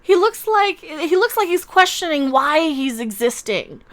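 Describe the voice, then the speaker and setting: A woman with a slightly high voice hosts a casual livestream. She talks in a sarcastic, mocking way and laughs often. She jumps between loud outbursts and low mutters. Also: big pitch swings, measured pace. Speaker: YouTube channel host.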